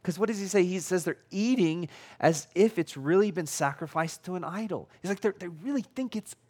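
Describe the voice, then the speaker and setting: A male pastor preaching a casual, conversational sermon, often restarting and repeating words, with a tone that can come across as loud. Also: high-pitched, a little fast. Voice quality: tone that can sound loud or angry.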